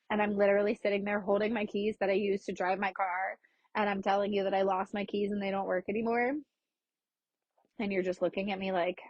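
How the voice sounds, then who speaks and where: Woman, mid-pitched voice, candid personal storytelling, frank and casual, dry dull recording. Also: no echo. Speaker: podcast host.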